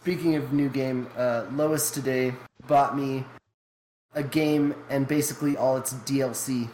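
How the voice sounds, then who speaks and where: A man's voice: mid-range voice, steady tone, unhurried, darkish tone, a little hiss or hum, rough recording. A man co-hosting a stream over an online call, chatting casually, laughing often and swearing while joking around. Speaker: streamer, co-host. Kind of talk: casual chat. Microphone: online call mic with audio glitches.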